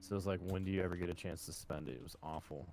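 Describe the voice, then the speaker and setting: Low-voiced man telling a swearing-laced story. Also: steady tone, very fast, a little mellow. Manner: swears a lot, storytelling, calls listeners boys. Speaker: podcast co-host. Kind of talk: casual chat.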